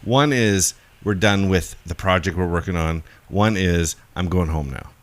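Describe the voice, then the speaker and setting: A man's voice: deep voice, unhurried, dry recording. A man co-hosting a casual podcast, rambling and joking and laughing often. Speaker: podcast co-host. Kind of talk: casual chat.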